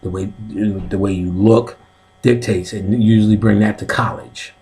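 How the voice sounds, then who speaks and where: A man's voice: lowish voice, fairly even intonation, measured pace, dark tone. A man teaching a comic lecture on spiritual topics, swearing freely and often asking "you know what I'm saying". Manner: explains step by step, like a teacher. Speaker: comedic occult class teacher. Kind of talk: stand-up style comedic lecture.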